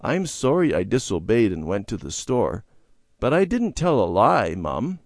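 A man voicing a little girl in a children's storybook, raising his voice to sound young and gentle. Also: fairly low pitch, big pitch swings, a little slow, creaky, no echo, clean studio sound, full character voice. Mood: sorry. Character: little girl, sister, soft and sorry.

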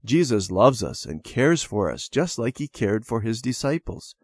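A man doing a gentle old grandmother. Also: mid-range voice, sing-song, moderate pace, husky, dry recording, studio quality. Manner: gentle, soothing storytelling. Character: kind old grandmother telling a bedtime story.

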